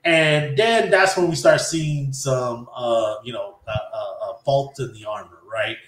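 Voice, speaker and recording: A man in the middle pitch range recaps an anime episode on a podcast, with loose, chatty delivery. He acts out the characters' lines along the way. The room has a noticeable echo. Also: unhurried. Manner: animated retelling, acting out character lines. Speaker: podcast host.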